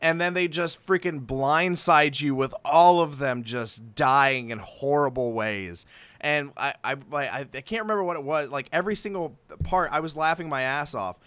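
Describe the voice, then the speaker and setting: A man co-hosting a casual chat podcast, excitable and swearing freely as he talks. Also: fairly high pitch, moderate pace, clear, resonant tone, dry recording. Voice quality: excitable, swears freely, self-interrupting restarts. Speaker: podcast co-host.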